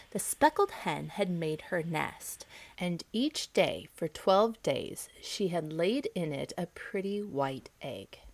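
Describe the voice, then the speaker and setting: A woman hosting a reading show, narrating a children's story in a gentle, expressive way. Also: on the low side. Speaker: storybook reader, host.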